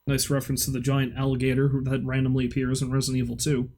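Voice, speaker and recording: A man's voice: mid-range voice, completely flat delivery, fast, few pauses, a little mellow. A young man streaming a horror game, chatting sarcastically and reading in-game notes aloud. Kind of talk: let's play commentary, reading in-game documents aloud.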